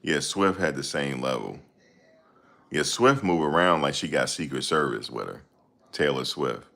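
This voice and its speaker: A man's voice: a bass voice, expressive, measured pace, creaky, fairly bright tone. A man hosting a casual stream, reading and answering chat comments in a rambling, slangy way. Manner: rambling, slangy, laughs a lot.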